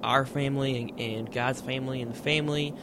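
A woman's voice: very deep voice, steady tone, brisk. A woman playing an earnest, hesitant storm victim scolding the hurricane. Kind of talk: improvised sketch comedy. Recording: noisy outdoor recording.

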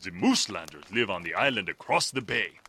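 A man's voice: low-pitched, sing-song, a little fast, bright, forceful tone, husky, full character voice. A man voicing a hearty middle-aged Viking innkeeper in a comedy radio play, eager and hospitable. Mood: confiding.

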